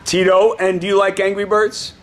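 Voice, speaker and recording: Male karate instructor, high and lively voice, playful teasing coach in an indoor studio with a faint hiss. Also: normal speed. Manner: playful, teasing, bursts into excited shouts. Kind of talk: coaching children in class.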